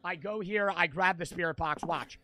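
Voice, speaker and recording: A young man streaming a horror game, swearing constantly and repeating himself as he swings between muttering and yelling. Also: high-pitched, normal speed, noisy background. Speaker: gaming streamer. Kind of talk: frustrated let's-play commentary.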